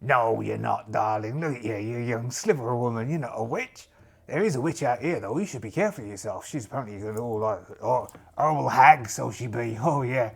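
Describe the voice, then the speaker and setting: A man's voice: mid-range voice, brisk, creaky, breathy edge. A man voicing a brash, roguish male pirate captain, cheeky and blustering, calling others darling.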